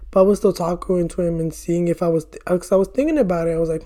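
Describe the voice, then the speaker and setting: A man's voice: high voice, quick pace, hardly any pauses, warm tone. A young man vlogging casually, telling a rambling dating story while doing his makeup, peppered with swearing and "bro". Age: young adult.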